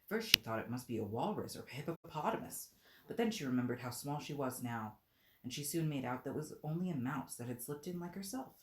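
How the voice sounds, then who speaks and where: Very low-voiced woman reading aloud. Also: animated, darkish tone, a little hiss or hum. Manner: unhurried, self-deprecating asides. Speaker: streamer reading a book aloud. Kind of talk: storybook read-aloud on a live stream. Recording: roomy echo.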